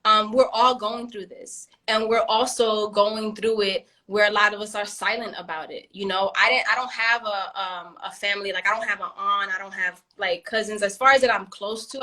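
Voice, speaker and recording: A woman co-hosting a casual chat, animated and frank, swearing freely and laughing often. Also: medium pitch, moderate pace, few pauses. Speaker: podcast co-host.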